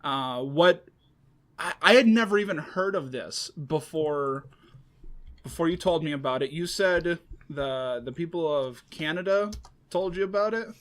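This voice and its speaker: A man co-hosting a casual podcast, his voice sitting a little on the high side. He trades dry, deadpan jokes and stumbles through restarts as he talks. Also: a little slow. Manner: joking, dry banter with many restarts. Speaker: podcast co-host. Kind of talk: casual chat.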